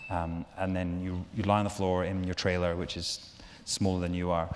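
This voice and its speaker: A man's voice: low-pitched, little pitch movement, moderate pace, a little hiss or hum. A man with a Scottish accent, chatting casually and jokily on a stage panel. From Scotland. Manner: jokey, restarts and laughs often. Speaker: actor on a panel. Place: large auditorium on stage. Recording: long reverb of a large hall.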